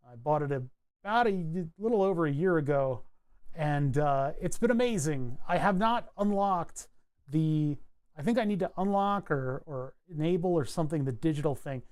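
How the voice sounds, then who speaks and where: A man's voice: on the high side, animated, normal speed, darkish tone, clear, resonant tone. A man chatting casually on a live stream while designing a circuit board, rambling with wry asides and frequent self-corrections.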